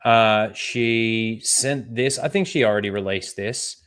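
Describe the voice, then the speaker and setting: Speaking slowly in a lowish, fairly bright, clean voice, this channel host rambles through casual livestream reactions to trailers. He piles on fillers and side comments and swears without much restraint.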